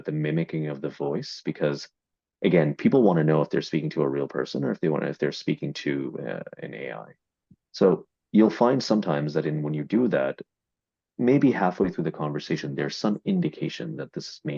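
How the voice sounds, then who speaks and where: A man's voice: very deep voice, lively intonation, fairly quick, gravelly, warm tone, slightly rough, dry recording. A man explaining AI marketing in a business discussion, with many fillers and repeated words. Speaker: AI investment marketing executive. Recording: dull, dry lo-fi audio.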